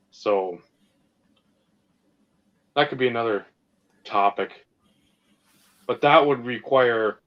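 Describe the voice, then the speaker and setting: Profane, ranting podcast man. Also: fairly low pitch. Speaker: podcast co-host. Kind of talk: casual sports and hobby chat. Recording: slightly dull lo-fi sound.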